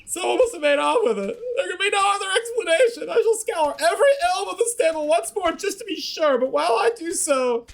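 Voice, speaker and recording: A man voicing a frantic, fussy male chocobo breeder with a put-on French accent, high-strung and melodramatic. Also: lively intonation, brisk, vocal fry, hardly any pauses, full character voice. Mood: distraught.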